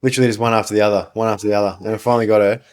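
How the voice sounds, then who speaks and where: A man's voice: fairly low pitch, level tone, very fast, a little mellow. A man, co-hosting a casual business podcast, ranting and swearing freely as he tells stories. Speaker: podcast co-host, business owner.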